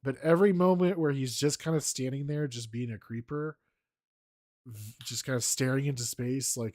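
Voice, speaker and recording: A man's voice: medium pitch, moderate pace, a little mellow, no echo, studio quality. A man co-hosting a casual movie podcast, rambling playfully and mimicking characters. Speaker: podcast co-host.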